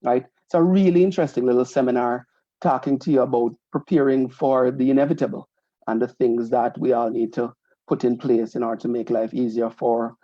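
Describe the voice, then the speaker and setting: A man's voice: mid-range voice, steady tone, fairly quick, mellow, dry recording. A man from Jamaica, hosting a community association show and chatting through announcements, often adding a questioning "right?". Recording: slightly muffled lo-fi recording.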